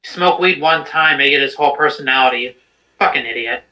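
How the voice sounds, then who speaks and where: A man's voice: medium pitch, brisk, pushed and bright, low-quality recording. A man co-hosting a casual chat, joking and swearing freely. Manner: profane, joking. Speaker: podcast co-host.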